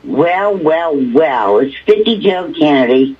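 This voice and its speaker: A woman's voice: low voice, expressive, slow pace, slightly rough. An older woman from Alaska calling in to testify at a hearing, talking bluntly and with exasperation. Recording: muffled distant phone line.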